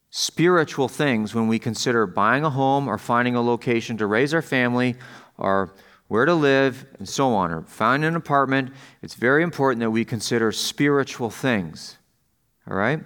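A man's voice: medium pitch, a bit bright. A man pastor giving a sermon in a conversational way, often checking in with the congregation and lifting his voice to stress a point. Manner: conversational preaching, asks the congregation questions.

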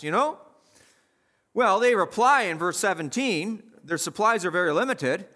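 A man's voice: high voice, animated, normal speed, sharp tone. A man preaching a sermon in a conversational, emphatic way, asking the listeners questions.

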